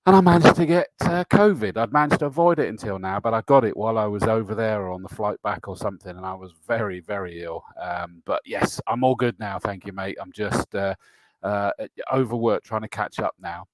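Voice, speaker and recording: A middle-aged English man with a lowish voice chats through a live show, greeting viewers by name and filling gaps with ums and laughs. His comes through in the matey banter. The sound is close and dry, with no room echo. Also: fairly quick. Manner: chatty and matey, frequent fillers and laughs. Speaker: host of a motorsport livestream show. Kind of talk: casual live-stream chat reading viewer comments.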